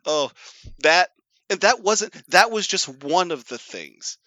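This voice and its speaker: Animated, laughing man chatting. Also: high-pitched, slow, dry recording, muffled recording. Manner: laughs a lot, animated and excitable. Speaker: podcast co-host. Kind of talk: casual chat.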